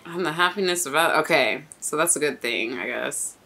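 Lively young woman reacting to anime. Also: deep voice, moderate pace, slight background noise. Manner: emotional, gushing, laughs often. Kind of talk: casual reaction commentary.

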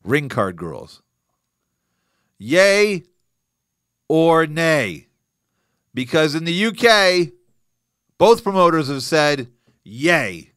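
Animated man hosting live boxing talk. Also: fairly high pitch, very slow, pauses often, clear, resonant tone, no room sound, clean studio sound. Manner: animated, joking, reacting to live chat. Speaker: host. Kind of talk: live boxing news chat.

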